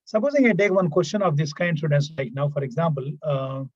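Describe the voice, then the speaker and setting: A man teaching a grammar class online, repeating himself often and filling pauses with "right, right". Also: on the high side, animated, darkish tone, no room sound, dull audio. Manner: repetitive, fills pauses with "what we call it as" and "right, right". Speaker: English teacher.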